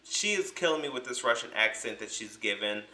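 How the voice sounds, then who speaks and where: A man co-hosting a podcast in casual chat, animated and teasing with a sassy edge. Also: mid-range voice, a little fast, reverberant. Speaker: podcast co-host.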